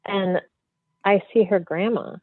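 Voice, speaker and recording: A woman medium, a podcast guest, telling a story in a free-flowing, animated way full of fillers. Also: mid-range voice, slow pace, no room sound. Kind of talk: casual storytelling in an interview. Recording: tinny phone-like line, dry.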